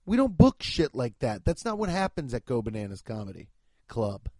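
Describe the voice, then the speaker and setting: A man's voice: mid-range voice, sing-song, moderate pace, a little mellow, dry recording. A man hosting a comedy podcast, reading sponsor ads in profane, over-the-top hype. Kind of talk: comedic ad reads.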